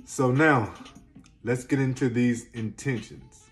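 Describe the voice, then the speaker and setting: Energetic slangy man, motivational vlog. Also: medium pitch, a little slow, soft background music. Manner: energetic, slangy, emphatic, swings between loud and soft. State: close to tears at times. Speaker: self-help video host. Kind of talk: motivational casual talk to camera.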